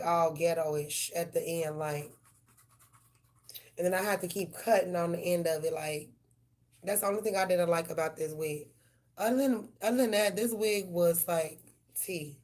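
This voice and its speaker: A woman's voice: lowish voice, moderate pace, pauses often, darkish tone. A woman hosting a live tarot stream, chatting casually with viewers in a loose, profane, slang-filled way. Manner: addresses viewers directly.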